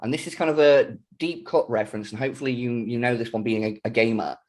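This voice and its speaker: A middle-aged British man co-hosting a podcast in casual chat, animated, laughing often and acting out quotes. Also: mid-range voice, fast. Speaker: podcast co-host.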